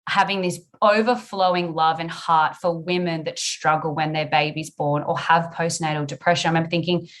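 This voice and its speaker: A woman's voice: low voice, steady tone, moderate pace. A young woman frankly telling her birth story on a podcast, acting out her past self and swearing freely.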